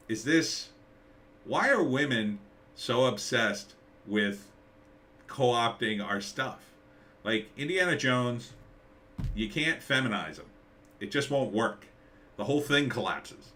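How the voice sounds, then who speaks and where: A man's voice: on the low side, bright, forceful tone. A middle-aged man hosting a live stream, rambling sarcastically and reading out chat comments. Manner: rambling, sarcastic, reads chat names aloud.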